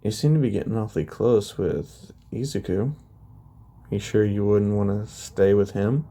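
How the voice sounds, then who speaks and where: A calm goddess who asks gentle, caring questions, voiced by a man narrating, slow-paced and low. Her tone stays warm and unhurried throughout.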